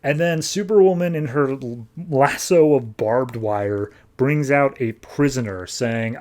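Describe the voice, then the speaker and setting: A man's voice: mid-range voice, measured pace, few pauses, darkish tone. A man hosting a podcast, recapping a comic book in a breezy, offhand way and filling his talk with "like". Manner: offhand, breezy storytelling full of "like". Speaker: podcast host.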